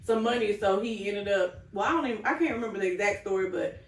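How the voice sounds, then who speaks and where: A woman's voice: mid-range voice, quick pace. A woman co-hosting a casual podcast who chats easily and passes on what friends and family said. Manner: chatty, reads out others' answers. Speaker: podcast co-host. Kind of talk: casual chat. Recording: roomy, distant mic.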